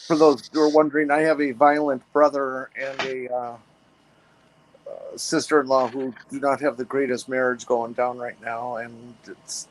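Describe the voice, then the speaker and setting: A man's voice: mid-range voice, flat delivery, moderate pace, poor audio. A man chatting casually as a guest on a live stream, making brief, wry remarks. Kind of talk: casual chat. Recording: faint background noise.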